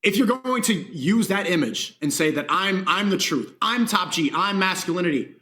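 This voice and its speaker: A man with a high, bright, sharp voice speaks in an archived livestream clip. He is earnest and lecturing, explaining his beliefs at length. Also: expressive, normal speed, faint music behind. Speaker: streamer. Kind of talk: livestream talk.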